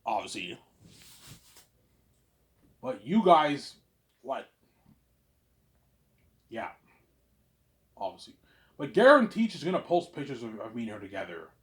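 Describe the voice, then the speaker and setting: A man rambling in a monologue to his audience, boastful and repetitive, tagging his lines with "obviously" and dropping from loud claims to mumbled asides. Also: mid-range voice, big pitch swings, unhurried, long pauses. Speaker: vlogger.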